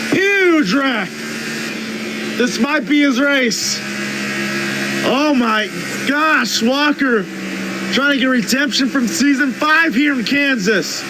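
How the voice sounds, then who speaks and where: Excitable young man calling a sim race. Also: very high voice. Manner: excitable, rising to shouts at crashes. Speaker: race commentator. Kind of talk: live sim-racing play-by-play. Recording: noisy background hiss.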